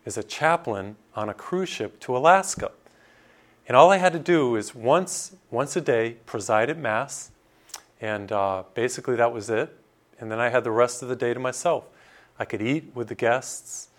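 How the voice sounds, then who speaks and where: A middle-aged man from Massachusetts, a priest preaching a sermon in a conversational, storytelling way with casual asides. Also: mid-range voice.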